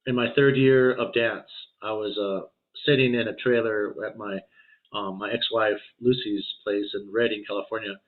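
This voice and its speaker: A man's voice: lowish voice, steady tone, moderate pace. Man in his fifties on a tinny line. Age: 50s. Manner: rambling, full of "you know" and restarts. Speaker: spiritual healer, podcast guest. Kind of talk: casual storytelling.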